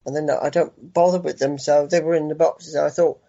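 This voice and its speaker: A man's voice: a little high, steady tone, brisk, gravelly, dark tone. Chatty male guest, lo-fi line. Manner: rambling, chatty. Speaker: guest collector. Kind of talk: casual interview chat.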